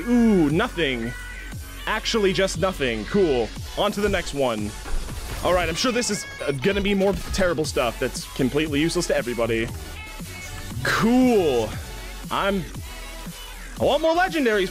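Hyped high-voiced young gamer man. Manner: over-the-top hyped youtuber parody, swinging to deadpan mumbles. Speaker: gaming video host. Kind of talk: satirical gaming vlog.

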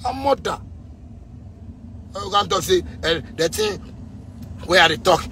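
A man in his thirties with a Ghanaian accent, ranting angrily at the president, repeating himself and breaking into shouts. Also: high voice, animated, measured pace, slight background noise. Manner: heated, repetitive, bursts into shouting. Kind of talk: angry rant addressed to the president.

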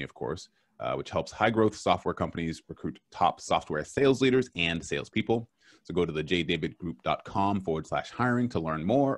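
A man with a Boston accent hosts a casual podcast interview. His voice sits very low, and he talks in a chatty way, often restarting his sentences with fillers. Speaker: podcast host.

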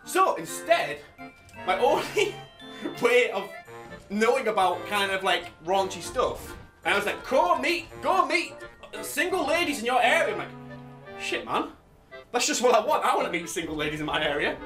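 A young man giving loud, excitable, swear-filled gameplay commentary, shouting often. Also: sits high, moderate pace, distant mic, faint music behind. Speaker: gaming YouTuber.

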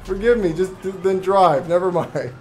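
A rowdy, hollering young cartoon guy, as a man puts him on for a gaming livestream. The voice sits high and brash, always loud and worked up. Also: moderate pace, a little hiss or hum, natural voice. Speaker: streamer.

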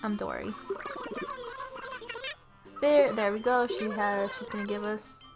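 A woman's voice: mid-range voice, fairly even intonation, slow. A young woman giving casual commentary over her gameplay footage, rambling and giggling as she loses her train of thought, at home. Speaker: let's play gamer. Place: at home with her cat on her lap. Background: game music.

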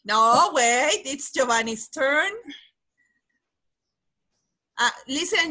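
Bright, high-voiced teacher running a class quiz over a video call, encouraging and brisk. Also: female voice, animated. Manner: encouraging, calls on pupils by name. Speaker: English teacher. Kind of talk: online class quiz game.

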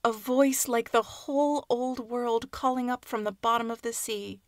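A woman narrating a short story aloud in a soft, hushed, measured reading. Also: fairly high pitch, steady tone, no room sound, studio quality. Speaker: audiobook narrator. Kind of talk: scripted fiction narration.

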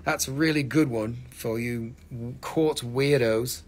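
A man's voice: medium pitch, slow pace, hardly any pauses, slight background noise. A man hosting a live stream that sells minerals, talking casually with lots of swearing, ranting and then joking.

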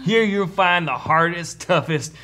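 A man's voice: high voice, measured pace, pushed and bright, soft background music, pitched above the performer's own voice. Man putting on a drawling Southern elf warden. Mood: menacing. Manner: boastful, menacing. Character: gruff male elf prison warden with a drawl.

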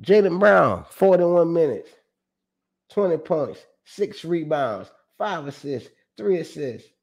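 A man's voice: a little high, sing-song, takes it slowly, gravelly, husky. A man hosting his own sports show, talking casually and animatedly, reading out stats with slang, profanity and emphatic repeats.

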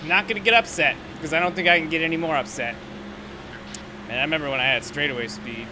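A young man with a fairly high voice gives live commentary on a racing game. He rants with exasperation and swears constantly. Loud engine noise from the game runs underneath him the whole time. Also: quick pace. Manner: profane, exasperated ranting. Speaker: gaming commentator.

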